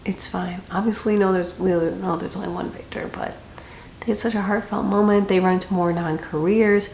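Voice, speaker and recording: A woman's voice: medium pitch, steady tone, normal speed, creaky, a little mellow. A young woman giving a casual, chatty book review with dramatic reactions and rambling asides. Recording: echoey room with faint noise.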